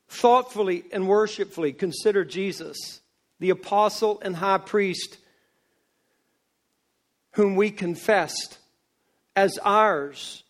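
A male pastor preaching a sermon, swinging between loud emphasis and hushed asides. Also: high voice. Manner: slow, drawn-out delivery.

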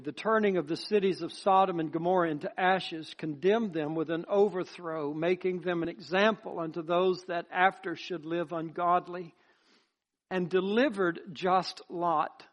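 A man with a notably high-pitched voice delivers a sermon. He preaches in a repetitive, rising cadence and works his personal testimony into the message. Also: fairly even intonation, moderate pace, hardly any pauses.

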